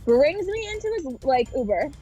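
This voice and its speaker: A young woman being interviewed, telling a story in a quick, offhand way full of "like" and quoted dialogue, over dull, dry audio. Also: sits high, big pitch swings, warm tone. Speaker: interview guest.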